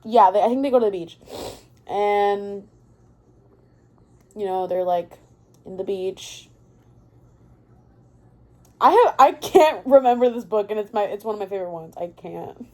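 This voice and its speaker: A young woman ranting casually about a book she loves, excitable and rambling, often stopping mid-thought to correct herself. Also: mid-range voice, a little slow, pauses often. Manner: rambling and excitable, often losing her thread. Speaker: book vlogger.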